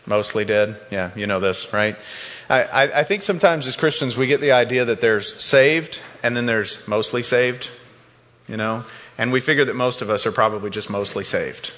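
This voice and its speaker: A man's voice: mid-range voice, a bit bright. A man preaching a sermon in a church, earnest and repeating words when he stresses a point. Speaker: pastor. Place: church sanctuary. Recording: long reverb in a large hall.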